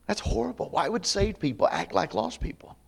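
A man preaching at a camp meeting, his voice sitting a little high for a man. He talks to the congregation conversationally with folksy humor, then drives his points home with loud, emphatic bursts. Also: expressive, fairly quick, vocal fry. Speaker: pastor. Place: church meeting before a live congregation.

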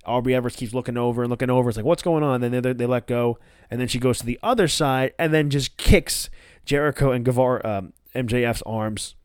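A man's voice: a little fast, clear, resonant tone, no echo, clean studio sound. A man hosting a show, casually recapping events and acting out quoted lines in a raised voice. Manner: animated retelling, acts out quoted lines with higher pitch. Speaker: wrestling podcast host.

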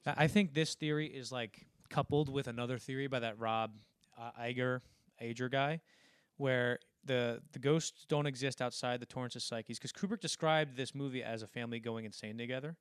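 Male podcast co-host, middle pitch, dry close sound, rambling scene-by-scene recaps. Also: steady tone, smooth, no room sound. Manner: rambling, acts out film lines in quick impressions. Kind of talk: casual film discussion.

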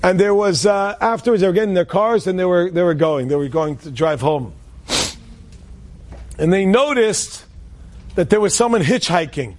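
A man telling an inspirational story in a conversational way, restarting sentences often and dropping in Hebrew and Yiddish words. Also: sits high.

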